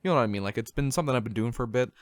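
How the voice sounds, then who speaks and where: A seventeen-year-old young man from Canada co-hosting a casual podcast, joking, excitable and quick to laugh. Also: mid-range voice, no room sound. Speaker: podcast co-host, Twitch streamer. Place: home studio.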